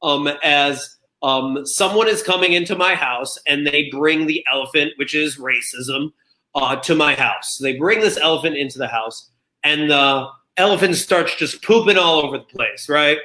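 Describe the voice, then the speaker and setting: A man's voice: fairly high pitch, moderate pace, sharp tone. A man who is a guest on an interview show, telling a story with animation and acting out the other voices in it. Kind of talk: conversational interview.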